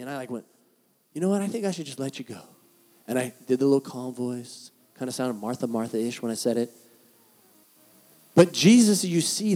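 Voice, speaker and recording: A man preaching a sermon as the pastor, telling stories in an animated way and acting out the voices of people he quotes. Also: fairly high pitch.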